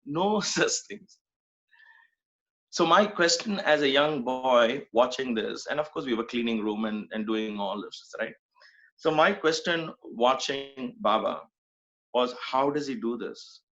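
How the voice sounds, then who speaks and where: A man's voice: mid-range voice, unhurried, fairly bright tone. Earnest man giving a satsang talk. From Mumbai, India. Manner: earnest, rhetorical questions and repetition. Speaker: spiritual speaker. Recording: dull lo-fi recording.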